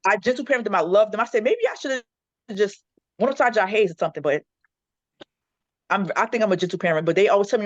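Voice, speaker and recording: A woman's voice: mid-range voice, fast, no room sound. Her speech races along, dry and close, with a dull, lo-fi recording that dulls the top end. She is a mother in her forties, chatting with friends on a podcast and acting out her kids' arguments as she goes. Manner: animated storyteller acting out her kids' quarrels. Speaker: panelist. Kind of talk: casual podcast chat.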